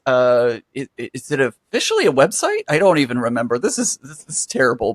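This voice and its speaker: This is a man co-hosting a podcast about quilting, talking in an upbeat and animated way. His pitch swings widely as he speaks. The recording is dry, with almost no room sound. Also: no room sound. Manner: upbeat, animated, plugs the show. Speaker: podcast co-host. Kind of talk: casual chat.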